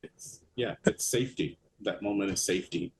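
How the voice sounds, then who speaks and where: A man's voice: on the low side, moderate pace, slight background noise, low-quality recording. A man joining a casual podcast discussion as a guest, speaking in a reflective, thoughtful way with frequent "like"s. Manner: reflective, thoughtful, uses "like" often.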